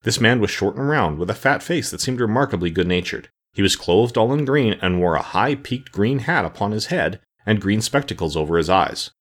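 A man reading a children's fantasy story aloud as an audiobook narrator, with expressive storytelling. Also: on the low side, brisk, hardly any pauses.

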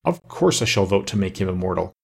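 A man's voice: low voice, sing-song, fast, creaky, slightly rough, full character voice. A man reading a gracious wood-nymph queen.

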